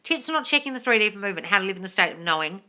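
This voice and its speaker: Talking very fast in a medium-pitched voice, a woman runs a live manifesting Q&A stream and reads out viewer comments casually. She curses freely, addresses viewers as darling, and erupts into gushing excitement.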